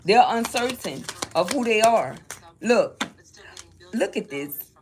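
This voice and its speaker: Over a noisy background, this New Orleans woman reads tarot for her audience at a slow pace, her fairly high voice full of animation. Shuffling through the deck, she stresses her points, says things again, and frequently asks "okay?"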